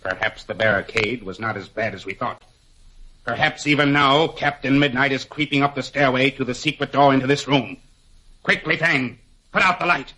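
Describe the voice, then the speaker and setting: An actor playing a cold, menacing master criminal who speaks in a measured, formal, threatening way in a 1940s radio drama. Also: male voice, medium pitch, bright, forceful tone, breathy edge, rough recording. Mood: commanding.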